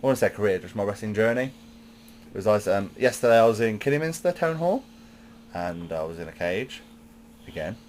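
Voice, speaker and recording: A hoarse man, a wrestler co-hosting a casual chat, rambling through stories with restarts. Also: on the low side, lively intonation, fairly quick, darkish tone, a little hiss or hum. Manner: rambling storyteller, stammers and restarts. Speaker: podcast co-host, wrestler.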